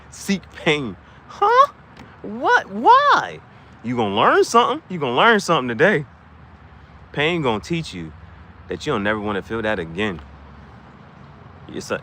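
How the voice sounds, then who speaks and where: A man chatting casually and joking, laughing often and swinging his voice high and low. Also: bright, forceful tone, slight background noise. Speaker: channel host.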